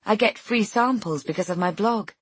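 A woman's voice: mid-range voice, moderate pace, breathy edge, no room sound, voice pushed up. A woman voicing a chatty, eager pregnant young woman in an audiobook. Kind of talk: audiobook character voice.

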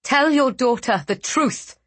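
A woman's voice: fairly high pitch, lively intonation, moderate pace, fairly bright tone, slightly rough, no room sound, pitched above the performer's own voice. A woman narrator voicing a furious, vengeful young female wind sorceress who snaps in a raised voice. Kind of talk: audiobook character voice.

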